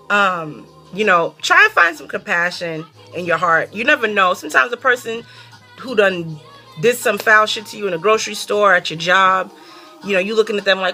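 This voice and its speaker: A young adult woman from New York hosting her own casual talk show, animated and sassy, cursing freely and laughing often. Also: mid-range voice, a little fast, soft background music. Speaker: host.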